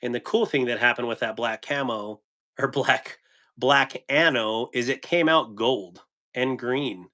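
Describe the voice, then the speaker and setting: A man's voice: medium pitch, a little slow, sharp tone. A man hosting a casual live stream about knives, rambling, chuckling often and answering viewers' chat. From United States. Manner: laughing, rambling, reading chat. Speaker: knife channel host on a live stream.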